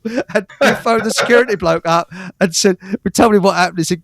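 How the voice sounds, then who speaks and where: A man's voice: sits high, animated, fairly quick, vocal fry, no echo. An older man, host of a live stream, telling stories in a rambling, stammering way and chuckling often. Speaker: show host. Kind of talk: casual storytelling on a live stream.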